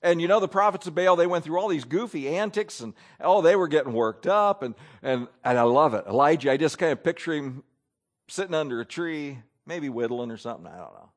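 A man preaching a sermon to a congregation, folksy and animated, swinging between loud bursts and soft asides. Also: on the high side, brisk. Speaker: pastor.

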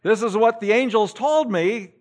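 A man's voice: high-pitched, normal speed, pitched above the performer's own voice. A man voicing an elderly priest who speaks in a dry, matter-of-fact way. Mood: wry. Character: elderly priest, wry and doubtful.

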